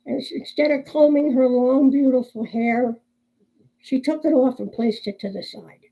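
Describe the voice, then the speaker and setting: A woman's voice: sits high, moderate pace, gravelly, dull audio. Woman doing a glum newlywed man. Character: glum newlywed man telling his woes.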